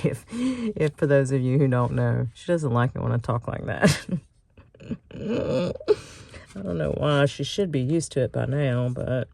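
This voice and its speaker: Low-voiced, laughing woman crafter. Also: creaky, a little mellow, dry recording. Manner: chatty, self-mocking, laughs often. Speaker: craft channel host. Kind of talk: casual crafting tutorial chat.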